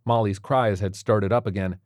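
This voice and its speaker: With a fairly low-pitched voice at a normal pace, a man reads an audiobook in an even, steady narrative manner. The studio-quality recording has no echo.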